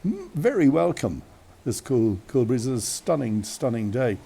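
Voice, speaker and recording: Gravelly Irish man telling a rambling story. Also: medium pitch, sing-song, normal speed, mellow. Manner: chatty, digressive, many restarts and asides. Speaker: radio host. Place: outdoors on a windy day. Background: wind.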